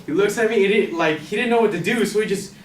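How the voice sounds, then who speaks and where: A young man telling a personal story on stage in a casual, animated, slangy way. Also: high voice, quick pace, distant mic. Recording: roomy hall from afar, faint noise.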